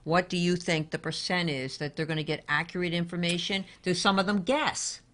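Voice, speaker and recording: A woman's voice: on the low side, fairly even intonation, a little fast, fairly bright tone. A woman hosting a talk show, asking a guest direct questions. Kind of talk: interview questions.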